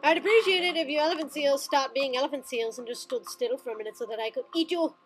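A woman giving gaming commentary as a let's player, gleeful and excitable, with squeals and cackling. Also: high-pitched, fast talker, slight background noise.

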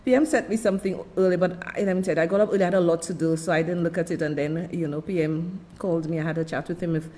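A woman's voice: on the low side, steady tone, racing, few pauses, dark tone. A woman in her fifties from Saint Lucia with a Saint Lucian accent, hosting a show in casual live chat and calling out her viewers one by one with terms like darling. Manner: chatty, calls viewers darling and names them one by one. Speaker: show host. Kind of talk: casual livestream chat with viewer shout-outs.

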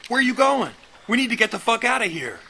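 A man's voice: very high voice, sing-song, a little fast, bright, forceful tone, husky, heavily acted. An actor playing a jumpy, surly young man in a game, agitated and defiant. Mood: panicked. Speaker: video game character.

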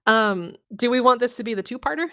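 A woman's voice: a little high, a little fast, fairly bright tone. Laughing, casual woman podcast co-host. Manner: laughs often, swears casually, self-mocking. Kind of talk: casual chat about tabletop games.

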